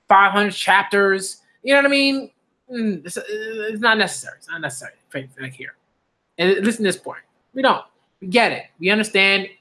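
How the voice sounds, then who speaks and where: A man doing a live manga reading reaction, excitable and slangy, often repeating himself as he reacts. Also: high voice. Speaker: manga reviewer.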